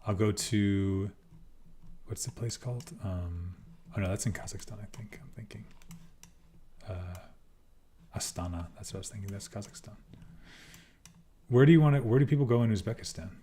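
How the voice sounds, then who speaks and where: A man's voice: fairly low pitch, normal speed, pauses often, dark tone, slight background noise. A man with an American accent hosting a podcast in casual chat, thinking aloud and chuckling. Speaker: podcast host. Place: podcast recording in Seoul.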